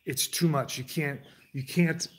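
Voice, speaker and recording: Rambling man, slightly high voice. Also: fairly even intonation, unhurried. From United States. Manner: digressive, restarts sentences, jumps between tangents. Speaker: livestream host. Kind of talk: casual rambling monologue to chat.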